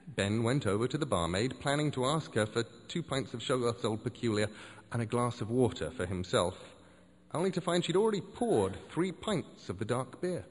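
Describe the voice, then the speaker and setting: Man with an expressive storytelling voice. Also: mid-range voice, normal speed, in a large hall, a little hiss or hum. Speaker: narrator. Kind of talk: scripted narration of a story.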